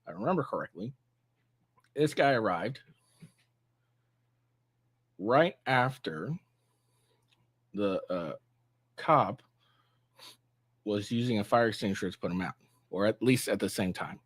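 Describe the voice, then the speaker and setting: Lively, rambling male vlogger. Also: on the low side, unhurried, long pauses, slightly rough, no echo. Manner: rambling, with fillers and sarcastic asides. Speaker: commentary vlogger. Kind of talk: casual reaction commentary.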